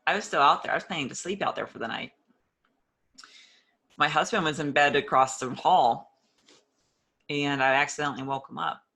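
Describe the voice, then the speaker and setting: A woman's voice: deep voice, normal speed, long pauses, fairly bright tone. A woman telling her personal story in an interview, earnest and openly emotional, acting out old conversations as she goes. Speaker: interview guest.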